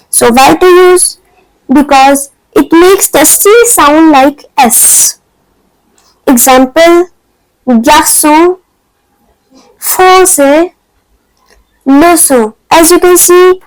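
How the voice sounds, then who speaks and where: A woman with a very high voice talks through a beginner language lesson. She speaks slowly and deliberately and repeats each example word several times so learners can copy it. Her voice is recorded close and dry, with no room sound. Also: no room sound, rough recording. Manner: slow, deliberate, repeats example words for practice. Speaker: French teacher. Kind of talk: scripted lesson narration.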